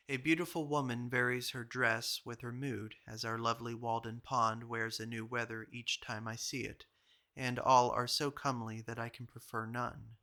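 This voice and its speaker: A man giving a measured audiobook reading of an old journal. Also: mid-range voice, bright, forceful tone. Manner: measured, literary delivery. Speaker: reader.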